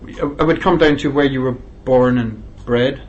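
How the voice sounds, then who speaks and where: A man's voice: mid-range voice, moderate pace, a little mellow, lo-fi sound, slight background noise. Insistent man under questioning. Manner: insistent, defensive, repeats himself for stress. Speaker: interviewee at a meeting. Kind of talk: tense back-and-forth questioning.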